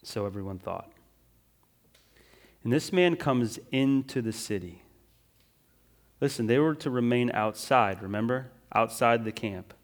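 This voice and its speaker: A male pastor preaching a sermon, moving between urgent emphasis and quiet, drawn-out phrases, often checking in with listeners. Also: mid-range voice, lively intonation. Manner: swings from loud and urgent to hushed and slow, with frequent "right?" asides.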